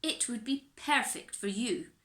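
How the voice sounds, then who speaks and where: A woman's voice: fairly high pitch, a little slow. A woman doing a vain, showy little lady. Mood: scheming. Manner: excited, showy and proud. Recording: echoey room.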